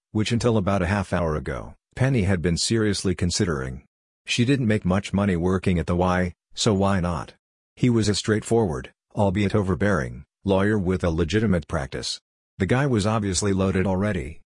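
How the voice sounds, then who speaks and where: A man narrating a story slowly and in a measured way. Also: deep voice, darkish tone, breathy edge, no room sound, clean studio sound. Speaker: audiobook narrator.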